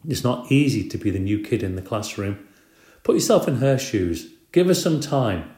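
A firm but patient woman teacher keeps her class in line with steady corrections and calm explanations, as a man reading a storybook puts her on. Her voice is lifted somewhat higher than his deep, mellow reading voice, set in a roomy, echoey space. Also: normal speed, close to an everyday voice. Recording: roomy echo.

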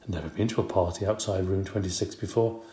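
A man reading a children's storybook aloud in an expressive, brisk way. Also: low-pitched. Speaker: audiobook narrator. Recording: roomy echo.

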